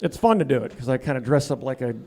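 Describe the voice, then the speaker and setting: A stand-up comedian guesting on a radio talk show, chatting earnestly and a little ramblingly. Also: male voice, medium pitch, lively intonation, fast, mellow. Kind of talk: casual chat. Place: radio studio.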